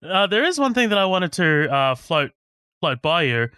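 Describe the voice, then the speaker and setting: A man's voice: fairly high pitch, sing-song, normal speed, sharp tone, clear, resonant tone, dry recording, clean studio sound. A man co-hosting a podcast, laid-back and curious, swearing casually as he chats about a film. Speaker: podcast co-host. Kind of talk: casual movie review chat.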